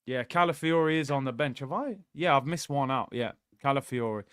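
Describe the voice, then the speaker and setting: A young man hosting a live football watchalong, ranting sarcastically about his club and at times breaking into loud excited shouting. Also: mid-range voice, brisk, smooth, dry recording, studio quality. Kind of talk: casual live-stream rant.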